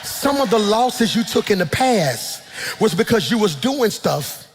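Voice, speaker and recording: A man preaching a sermon as pastor, fervent and shouting in rising calls. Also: high voice, very animated, unhurried, in a large hall, a little hiss or hum.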